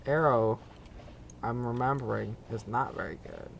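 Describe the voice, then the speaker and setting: Male streamer, unhurried and rambling, mid-pitch, self-deprecating asides, faint keyboard clatter behind. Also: steady tone, vocal fry, a little hiss or hum. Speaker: game streamer. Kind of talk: casual gameplay commentary.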